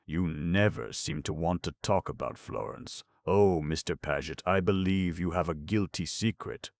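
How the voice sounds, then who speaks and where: Male narrator doing a bold, prying young woman, coy and teasing, very deep and gravelly. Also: moderate pace, no echo, studio quality. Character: spirited, nosy young woman adventurer.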